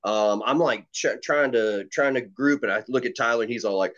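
Speaking at a normal speed in a mid-range voice, a man chats as a guest on a casual podcast, where he's introduced as a competitive shooter. His storytelling wanders, loaded with curse words and filler. The recording sounds dull and lo-fi.

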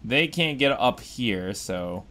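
A man's voice: medium pitch, lively intonation, slow pace, sharp tone. A man giving casual commentary over his own game playthrough, goofy and rambling, exclaiming at what happens on screen. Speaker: Let's Play gamer.

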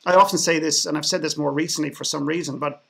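A man's voice: a little high, fairly even intonation, fast talker, creaky, fairly bright tone. An Irish man, a podcast guest, telling a story in a sarcastic way, often restarting his sentences. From Ireland. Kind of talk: storytelling in a panel conversation.

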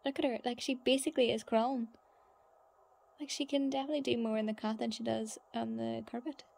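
A woman's voice: on the high side, steady tone, brisk, creaky, darkish tone. A young woman, chatting casually at home as a mother vlogging, dropping into sing-song baby talk. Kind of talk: casual vlog chat. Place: at home, indoors.

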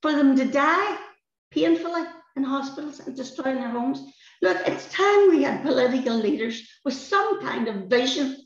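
A woman's voice: high-pitched, expressive, normal speed. An older woman with a Northern Irish accent, speaking as a guest in an impassioned, emphatic way and often repeating words. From Northern Ireland. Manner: emphatic, passionate, repeats words when stirred. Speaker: guest, peace activist. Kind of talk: impassioned conversation. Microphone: video call. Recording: roomy, dull lo-fi webinar audio.

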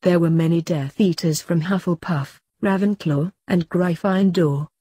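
A woman reading the part of a proud gentle witch mom, calm and earnest, low dark husky tone. Dry close sound with no room around the voice, storybook style. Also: measured pace, dry recording.

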